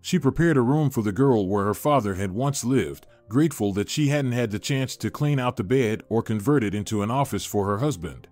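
Man narrating a story over soft music. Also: mid-range voice, animated, a little fast, few pauses. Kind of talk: scripted narration. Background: soft background music.

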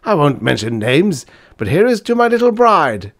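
A man voicing a hearty, testy elderly male professor who blusters and shouts in high spirits. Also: sing-song, normal speed, no room sound, studio quality. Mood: boisterous.

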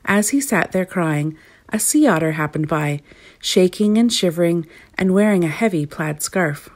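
Female storyteller, expressive reading voice, slightly low pitch. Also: moderate pace.

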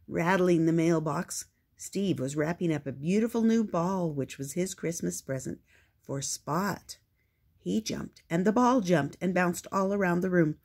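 An older woman reading a children's picture book aloud, gentle and expressive. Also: fairly low pitch, measured pace, husky. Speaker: storyteller.

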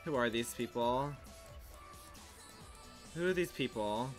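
A young man livestreaming and commenting casually on a game he is playing, in a sassy, theatrical way that swings into outraged shouts. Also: mid-range voice, lively intonation, slow pace, soft background music.

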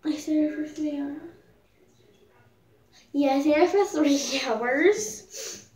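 A woman's voice: high-pitched, takes it slowly, a little mellow, distant mic. A teenage girl telling a story in a casual, rambling vlog, full of fillers and little jokes. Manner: rambling, filler-heavy, jokey. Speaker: vlogger. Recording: echoey room, voice a bit off-mic.

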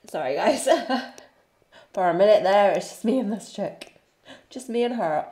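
A woman's voice: fairly low pitch, fairly quick, reverberant. A young woman gushing and cooing as she comments on a life-sim game she is playing. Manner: gushing, excitable, cooing baby talk. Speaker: gaming YouTuber. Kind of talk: let's-play commentary.

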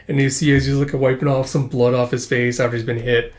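A man's voice: medium pitch, level tone, quick pace. A man hosting a casual manga read-along, narrating in a loose, chatty way with filler words.

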